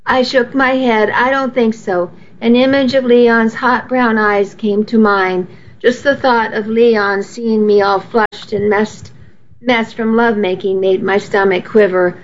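Brief: woman narrating a novel, slow and intimate, dull lo-fi recording. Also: on the high side, steady tone. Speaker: audiobook narrator. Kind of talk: first-person novel narration. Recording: slightly muffled lo-fi audio.

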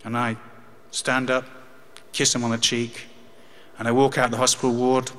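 A man's voice: medium pitch, little pitch movement, moderate pace, fairly bright tone. An English man in his fifties telling a personal story, with wry humour and grief. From England. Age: 50s. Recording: long hall reverb.

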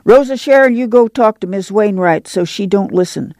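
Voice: mid-range voice, normal speed, a little mellow, no room sound, lightly acted. A reader voicing a weary, tough older farm mother who speaks in a rural drawl. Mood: urgent. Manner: rural drawl, firm and plain-spoken.

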